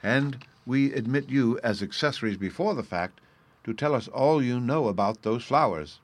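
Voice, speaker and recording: A man voicing a playful, witty young aristocratic woman in a bright, teasing, lightly mocking manner. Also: medium pitch, lively intonation, moderate pace, pitched above the performer's own voice, close to an everyday voice.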